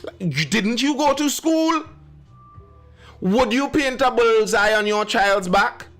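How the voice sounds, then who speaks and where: A man's voice: extremely high pitch, expressive, slow pace, fairly bright tone, faint music behind. A man hosting a live stream, giving emphatic commentary and answering viewers in the chat by name. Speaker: live show host.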